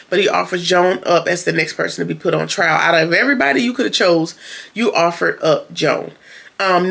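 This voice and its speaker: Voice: medium pitch, vocal fry, fairly bright tone. A TV show reviewer giving a chatty, casual episode recap, retelling scenes with quoted lines and plenty of "um" and "like".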